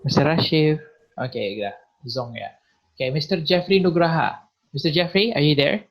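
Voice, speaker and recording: A man with an Indonesian accent teaching an online English vocabulary lesson, patient and encouraging, slowly repeating words to model pronunciation over a video call. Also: on the high side, rough recording.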